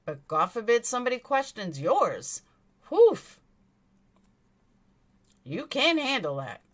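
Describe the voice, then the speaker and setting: A woman's voice: on the high side, sing-song, moderate pace, fairly bright tone. A woman with a New York accent hosting a true crime livestream, reading chat aloud and answering in a blunt, indignant way, swearing freely. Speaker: true crime commentary host.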